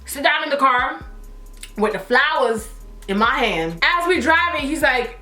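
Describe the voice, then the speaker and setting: High bright young woman. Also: normal speed, soft background music. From Toronto area, Canada. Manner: animated, acts out everyone's lines. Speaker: vlogger. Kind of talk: casual storytime. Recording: echoey room.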